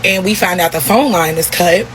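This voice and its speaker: A young woman telling a story in a casual vlog, talking in a profane, animated, repetitive way. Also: lowish voice, normal speed, slight background noise, low-quality recording.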